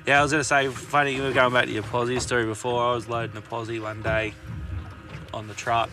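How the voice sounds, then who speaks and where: A man's voice: medium pitch, flat delivery, fast, far from the mic, background noise. A man hosting a podcast, chatting casually in a laid-back, swearing manner. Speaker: podcast host. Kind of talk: casual chat.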